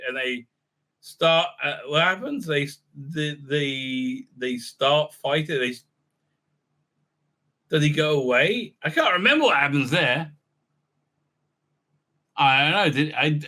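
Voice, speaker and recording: A man's voice: fairly high pitch, pushed and bright. A man giving a casual, mocking review, rambling with many fillers. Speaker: video reviewer.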